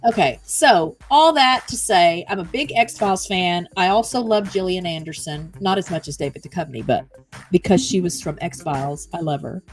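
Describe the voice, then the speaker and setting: Lady rambling on her stream, chatty, reads comments out loud, faint music behind. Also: lowish voice, normal speed. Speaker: livestream host. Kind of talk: casual chat.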